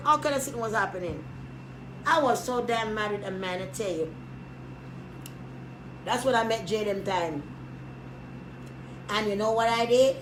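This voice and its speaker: A woman rambling casually to camera, joking loudly, swearing and trailing off into mutters. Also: a little high, moderate pace, pauses often. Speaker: vlogger. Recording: echoey room, noisy background.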